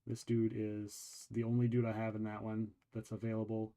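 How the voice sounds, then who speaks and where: A man's voice: on the low side, normal speed. Man rambling through a game walkthrough. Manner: rambling, relaxed, lots of ums and restarts. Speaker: show host. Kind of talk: casual game walkthrough chat.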